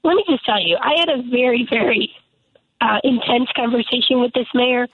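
A woman's voice: fairly high pitch, brisk, a little hiss or hum. A woman lawmaker calling in to a radio interview, speaking emphatically and indignantly. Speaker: lawmaker guest. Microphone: telephone. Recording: tinny, dry phone line.

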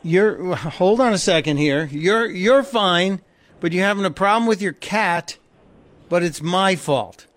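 Chatty male radio host, smooth studio voice. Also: sits high, measured pace, fairly bright tone, no echo. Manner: chatty, jokey, stumbles and repeats words. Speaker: radio talk show host. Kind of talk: talk radio, taking calls. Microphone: studio microphone.

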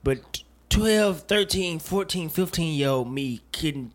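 A man hosting a laid-back podcast, chatting in an animated, joking way. He swears freely and drifts off into rambling asides. His voice sits a little high for a man. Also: a little fast. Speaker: podcast host. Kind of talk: casual chat.

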